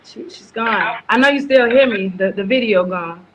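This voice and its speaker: A heartfelt, grateful woman with a Chicago accent speaks on a live stream. Her voice sounds dull and muffled, as if over a call. Loud noise sits behind it. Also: on the high side, moderate pace. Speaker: guest mother. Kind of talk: tearful live stream talk.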